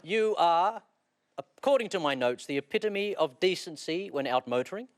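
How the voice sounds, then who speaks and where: A man's voice: high voice, expressive, normal speed. A man hosting a comedy show, teasing and playful with his guest. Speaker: show host.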